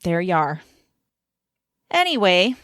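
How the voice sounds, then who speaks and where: A woman's voice: lowish voice, sing-song, slow pace, fairly bright tone, no echo. A woman co-hosting a podcast, teasing in a dry way and reading the show's plugs. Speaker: podcast co-host. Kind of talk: casual podcast chat.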